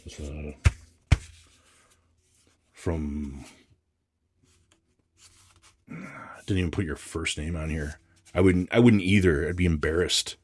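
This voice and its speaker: A man's voice: extremely low pitch, takes it slowly, pauses often, a little hiss or hum. A man vlogging while unboxing comics, grumbling and swearing in a casual, exasperated rant. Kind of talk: casual ranting unboxing vlog.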